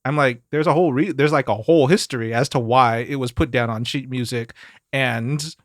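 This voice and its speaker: A man from Mississippi talking casually as a podcast guest, mid-pitched and lively, slipping into quoted voices as he tells stories. The sound is dry and close, with no room around him. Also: brisk, no room sound. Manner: animated storyteller, acts out quoted voices. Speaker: guest singer.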